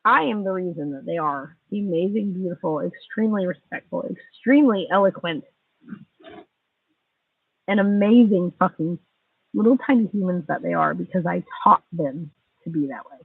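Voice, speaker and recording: Her voice lowish, creaky and husky, a woman in her forties vents at a moderate pace on a livestream. It's an angry, bitter monologue, sarcastic and full of swearing, heard through a tinny, distant phone mic with no room sound.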